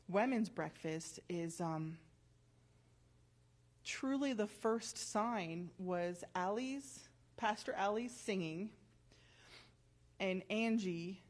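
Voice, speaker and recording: A woman in her forties giving a personal testimony at church, telling her story in a chatty, animated way. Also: medium pitch.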